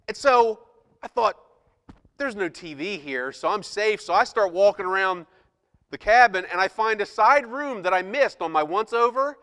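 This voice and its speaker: Man, middle-aged, pastor, high voice, animated storytelling sermon, long hall echo. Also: moderate pace, clean tone. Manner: animated, self-mocking storyteller.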